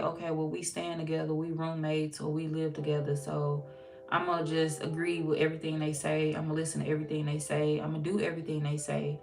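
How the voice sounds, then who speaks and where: Low gravelly woman reading tarot. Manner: chatty, acts out quoted dialogue, swears. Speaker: tarot reader.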